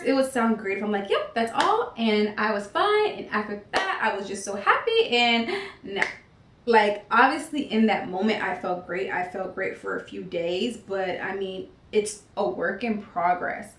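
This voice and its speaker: A woman's voice: mid-range voice, a bit bright, slight background noise. Young woman vlogger, chatty and heartfelt, lots of likes and ums, kinda far from the mic, roomy echo. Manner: casual, frequent "like" and "um" fillers, earnest. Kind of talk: candid confessional chat.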